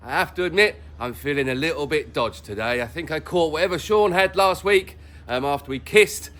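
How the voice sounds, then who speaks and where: Chatty middle-aged guy doing a weather vlog, kinda high voice, jokes around a lot. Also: fairly quick, fairly bright tone. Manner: jokey, rambling, teasing. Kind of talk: casual chatty weather update.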